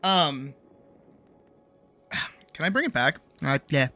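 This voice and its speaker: A young male game streamer rambles and rants in casual chat, restarting sentences and swearing. His voice is bright and somewhat high. Faint background music plays under him. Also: big pitch swings, slow.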